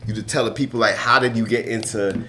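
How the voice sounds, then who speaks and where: A man hosting a casual interview, talking in an excitable way and constantly repeating "you know what I mean". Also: on the low side, quick pace. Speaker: host. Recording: echoey room.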